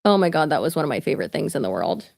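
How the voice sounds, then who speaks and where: A woman's voice: deep voice, very animated, racing, gravelly, darkish tone. A woman, chatting casually on a live stream with lots of asides, fillers and laughter. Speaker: vlogger.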